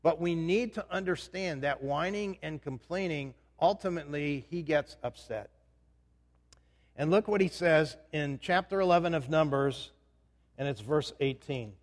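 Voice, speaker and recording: Somewhat slow and a little high in pitch, a male pastor speaks in a reverberant hall. His sermon feels conversational, and he often turns questions to the congregation.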